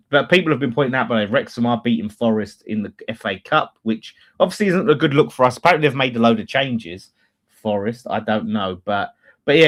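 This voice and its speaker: Male fan co-host, middle pitch, blunt and sweary. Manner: blunt, opinionated, swears freely. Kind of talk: casual football chat.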